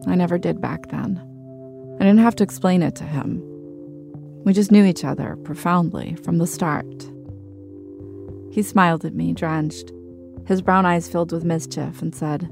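Gravelly-voiced woman narrating her own story. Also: on the low side, normal speed, long pauses, a little mellow, soft background music. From Argentina. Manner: candid, reflective storytelling. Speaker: journalist and narrator. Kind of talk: personal narration.

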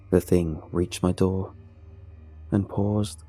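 A man narrating a scripted horror story in a measured, somber way. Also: low voice, steady tone, mellow, breathy edge, soft background music.

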